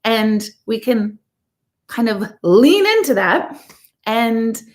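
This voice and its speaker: A woman's voice: fairly high pitch, expressive, slow pace, darkish tone. Chatty, blunt middle-aged woman. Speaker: intuitive life coach. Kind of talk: casual live chat to viewers.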